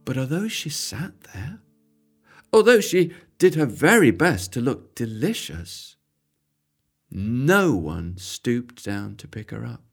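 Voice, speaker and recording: A storyteller telling a children's tale aloud, expressive and lilting, repeating phrases for effect. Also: medium pitch, takes it slowly, vocal fry, breathy edge, soft background music.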